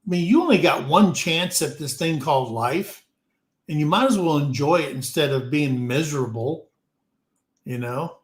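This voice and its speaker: A man's voice: fairly high pitch, expressive, moderate pace. A man from the United States hosting a casual live-stream chat, rambling along with plenty of ums and restarts. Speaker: show host. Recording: roomy echo.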